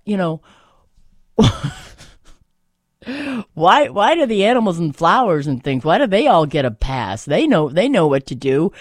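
A woman's voice: lowish voice, darkish tone, dry recording. A woman hosting a radio show, musing aloud in a meandering monologue full of fillers and restarts, from a studio. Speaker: radio host. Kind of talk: rambling solo radio monologue.

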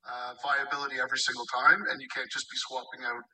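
A man from Canada speaking on a panel as a commercial executive, emphatic and quick to laugh. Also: medium pitch, level tone, pushed and bright, recorded from a distance, rough recording. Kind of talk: panel discussion.

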